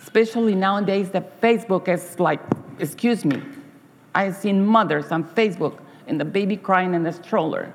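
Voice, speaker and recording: A middle-aged woman giving a sermon as a church speaker, telling stories in a halting way, repeating words and acting out story voices. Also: medium pitch, in a large hall, slight background noise.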